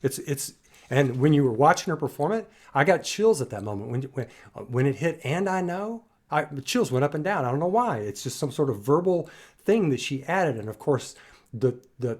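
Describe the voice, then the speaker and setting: A man's voice: medium pitch, sing-song, moderate pace, slightly rough. A man hosting a music reaction, talking in casual commentary and restarting and repeating words as he muses. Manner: musing, restarts and repeats words while analyzing.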